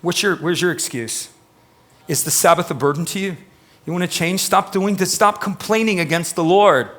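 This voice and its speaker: A male pastor preaching live in church, his voice bright and pitched a little high. He talks emphatically but conversationally and keeps turning to quiz members of the congregation. The energy stays direct and personal. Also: moderate pace. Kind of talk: live sermon.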